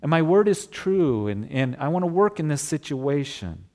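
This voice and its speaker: A man voicing a gentle, patient male teacher who speaks softly with a slightly disappointed tone. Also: mid-range voice, moderate pace, natural voice. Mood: tender. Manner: soft, gentle, pleading.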